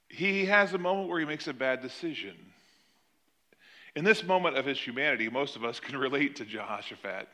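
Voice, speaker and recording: A man preaching a sermon, retelling a Bible story with animated delivery and acting out the characters' lines. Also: on the high side. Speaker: pastor.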